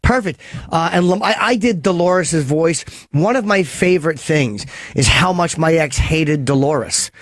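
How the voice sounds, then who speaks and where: A man's voice: a little high, unhurried, no echo, studio quality. A man hosting a radio show and taking calls, talking in a rambling, crude way that keeps breaking off and restarting. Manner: rambling, self-interrupting, crude. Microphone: studio microphone.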